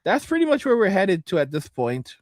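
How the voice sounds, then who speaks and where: A man hosting a casual livestream, reading chat comments and reacting, cursing and repeating himself, with frequent throat clearing. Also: high-pitched, huge pitch swings, brisk, no echo, studio quality.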